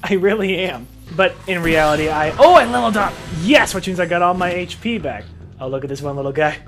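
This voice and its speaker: A man hosting a let's-play video, excitable and profane, often laughing and shouting at the game. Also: high voice, fairly quick, faint music behind. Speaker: gaming video host.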